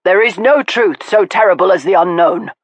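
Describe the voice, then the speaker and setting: A woman's voice: lowish voice, normal speed, no echo, close to an everyday voice. Woman voicing a grieving, obsessive nobleman. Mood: earnest. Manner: impassioned, pleading. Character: earnest grieving middle-aged nobleman, obsessive.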